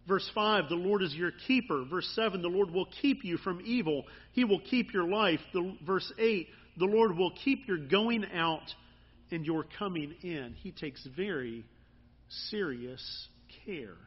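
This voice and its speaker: A man's voice: high-pitched, husky, dull audio. A man preaching a sermon in an earnest, conversational way that builds to bursts of emphasis. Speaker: pastor.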